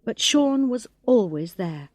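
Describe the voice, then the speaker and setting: A woman reading a graded English storybook aloud in a slow, clear narration, voicing the characters' lines expressively. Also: on the high side, lively intonation, a little mellow, dry recording. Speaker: audiobook reader.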